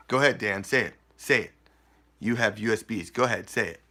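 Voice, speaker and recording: Bright-voiced joking male musician. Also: on the low side, normal speed. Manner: loose, joking, trails off and restarts. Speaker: Celtic musician hosting a show. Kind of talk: casual chat between songs.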